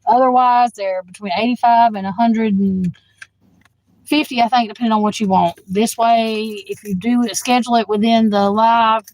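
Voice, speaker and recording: A woman's voice: fairly high pitch, fairly even intonation, darkish tone, low-quality recording. Blunt, fiery woman chatting on a livestream. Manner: blunt, outspoken, swears freely; quick to flare up at the chat. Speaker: tarot reader. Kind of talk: casual livestream chat.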